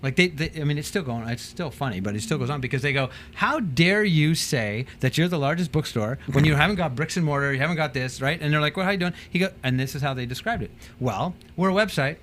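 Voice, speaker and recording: Fast-talking animated male business trainer. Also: a little high, slight background noise. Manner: animated storytelling, acts out quotes in changing voices. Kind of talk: casual talk show chat.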